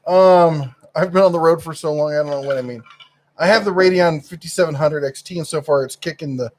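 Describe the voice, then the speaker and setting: A man's voice: a little high, a little fast. A middle-aged man co-hosting a casual live stream, who rambles and often gropes for words with fillers.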